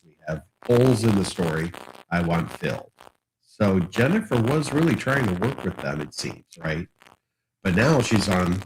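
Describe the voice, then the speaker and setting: A man co-hosting a livestream, explaining events in a relaxed conversational way over a call. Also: on the low side, normal speed, a little hiss or hum, poor audio. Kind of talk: casual commentary chat. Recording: staticky call connection.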